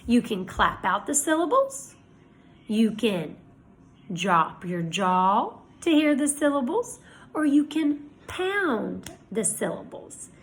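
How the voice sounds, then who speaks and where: A woman teacher giving a lesson to young children, speaking slowly and clearly in an encouraging way. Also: on the high side, a bit bright, a little hiss or hum.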